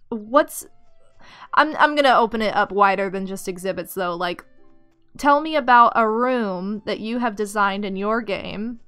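A woman's voice: medium pitch, clear, resonant tone. Bubbly woman chatting over gameplay. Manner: chatty and bubbly, squeals with excitement. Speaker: gaming channel host. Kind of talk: casual gameplay commentary.

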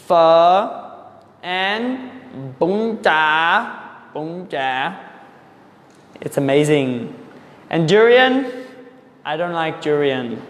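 Man, English teacher, very slow and deliberate, high voice, echoey room with long reverb. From South Africa. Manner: slow, deliberate, repeats and corrects words for learners. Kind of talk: answering viewer questions for learners.

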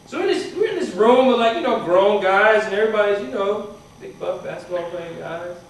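A man's voice: high voice, lively intonation, a little fast. A man giving a motivational talk to students, telling a story in a chatty way and often asking "right?". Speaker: motivational speaker. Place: university hall. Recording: echoey hall from far off.

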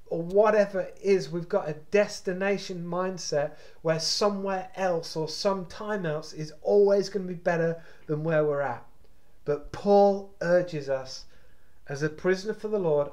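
A man's voice: on the high side, normal speed, darkish tone. A male pastor giving a devotional sermon, preaching with passion and urgency and repeating his phrases.

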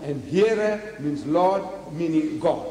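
A South African man giving a public lecture, animated, throwing rhetorical questions at the audience. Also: fairly high pitch, slow pace. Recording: echoey hall with faint noise, archive lecture.

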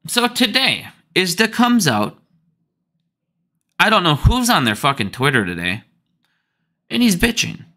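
Profane ranting man with a bright voice. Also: medium pitch. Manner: profane, heated, fast ranting. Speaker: finance commentator. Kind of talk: ranting finance commentary vlog.

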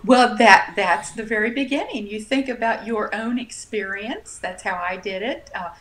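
A woman author chatting casually as an interview guest, telling stories with animated laughs. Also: mid-range voice, moderate pace, a little hiss or hum.

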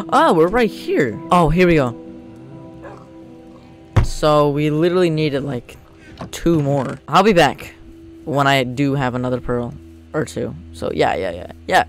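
A young man talks through his gameplay in an excitable, joking way, often shouting out at the creatures he fights. His voice sits a bit high for a man. Game music plays clearly behind him. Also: measured pace, pauses often. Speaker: gamer. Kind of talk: let's play commentary.

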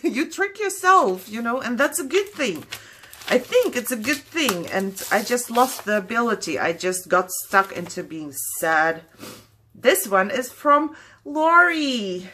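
A woman's voice: medium pitch, bright, forceful tone. A woman from Germany, talking candidly and apologetically while opening mail, fighting back tears. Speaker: craft vlogger opening mail.

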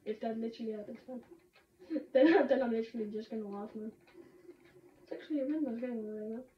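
A woman streaming a game, chatting excitably with sudden shouts and laughs. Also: fairly high pitch, fast talker. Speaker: gamer streaming a match. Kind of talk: excited gaming commentary. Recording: roomy, distant, dull lo-fi sound with faint noise.

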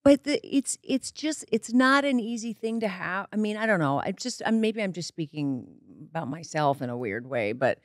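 A woman's voice: mid-range voice, expressive, normal speed, hardly any pauses, no room sound, clean studio sound. A middle-aged woman hosting a podcast, interviewing a guest with an enthusiastic, rambling manner. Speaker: podcast host. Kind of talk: casual interview chat.

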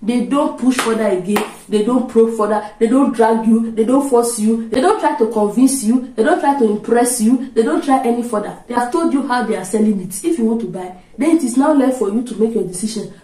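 A woman's voice: on the high side, fairly quick, hardly any pauses. A chatty woman from Nigeria with a Nigerian accent, vlogging casually to camera. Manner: lively and chatty, often laughing. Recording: roomy, from a distance.

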